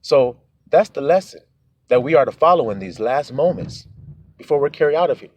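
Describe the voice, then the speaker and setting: A man preaching a sermon, animated, acting out quoted voices as he goes. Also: medium pitch, brisk, slight background noise.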